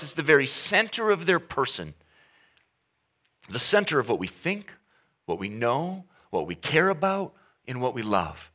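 Male pastor preaching, bright tense tone, pitch bouncing around a lot, chatty and joking. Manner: conversational storytelling with humor; emphatic, with varied pace. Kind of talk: sermon.

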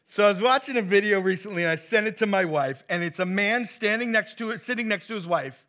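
Man preaching a warm, joking sermon. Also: high-pitched, expressive, fast talker, hardly any pauses. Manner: conversational, teasing, laughs at own jokes. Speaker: pastor.

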